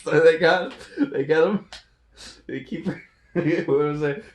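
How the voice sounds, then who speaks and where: A man's voice: fairly high pitch, slow pace, echoey room. A man giving a casual, laughing recap of a movie's plot, slipping into goofy voices for the characters.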